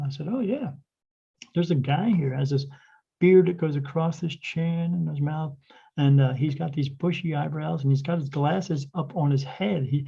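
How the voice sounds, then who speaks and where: Gravelly man telling a rambling story. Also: a little high, warm tone. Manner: rambling anecdote full of quoted dialogue and restarts. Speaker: spirit medium, podcast guest. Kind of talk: casual storytelling in a podcast interview. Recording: dull, lo-fi podcast audio.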